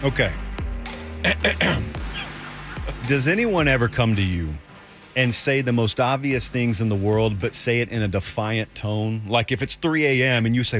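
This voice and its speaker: Animated male college football analyst. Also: mid-range voice, a little slow, long pauses, soft background music. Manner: animated storyteller, mimics critics. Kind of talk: casual sports radio talk.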